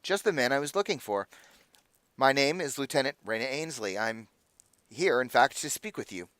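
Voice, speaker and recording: A man's voice: medium pitch, animated, normal speed, a bit bright, no room sound, natural voice. A man voicing a curt, formal female guard lieutenant in a tabletop game.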